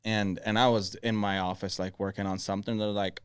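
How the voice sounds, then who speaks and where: Male podcast guest, smooth resonant voice, laid-back storyteller, dry close mic. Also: lowish voice, level tone, a little fast, hardly any pauses, dry recording. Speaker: sales executive, podcast guest. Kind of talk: casual podcast chat.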